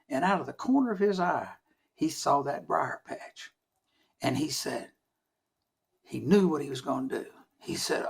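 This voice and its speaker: Male storyteller, lively and dramatic, gravelly voice sitting a bit high. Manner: lively, dramatic, with shouted sound effects and slow hushed stretches. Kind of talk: folk tale storytelling for children.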